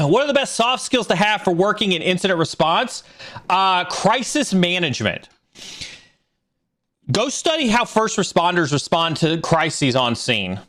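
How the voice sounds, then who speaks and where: A middle-aged man hosting a casual livestream Q&A, answering career questions and telling stories with lots of fillers and restarts. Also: sits high. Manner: animated storyteller, fillers and restarts.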